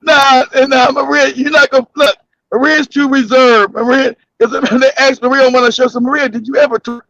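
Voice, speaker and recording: A man hosting a casual comedic talk show, telling stories loudly and laughing often. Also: very high voice, fairly quick, no room sound. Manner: loud, laughing, animated storytelling. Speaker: podcast host. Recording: dull dry lo-fi audio.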